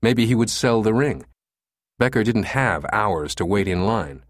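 Deep voiced guy reading an audiobook, steady pace, dry close sound. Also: unhurried, no room sound. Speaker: audiobook narrator. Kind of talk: scripted narration.

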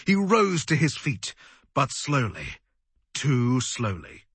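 A man narrating an audiobook in a dramatic, animated storytelling manner. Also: mid-range voice, slow pace, vocal fry, slightly rough, dry recording. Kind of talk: scripted narration.

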